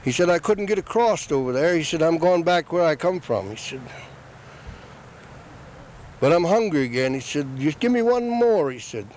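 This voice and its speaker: An older man telling a traditional story in an unhurried, plain-spoken way, repeating "he said" between the quoted lines. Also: a little high, lively intonation, a little mellow, a little hiss or hum, poor audio.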